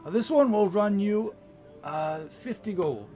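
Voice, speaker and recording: A man's voice: high-pitched, expressive, a little slow, darkish tone, soft background music, pitched above the performer's own voice. A man voicing a courteous older male spell merchant with a polite, fawning manner. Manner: polite, fawning, calls everyone "my friend".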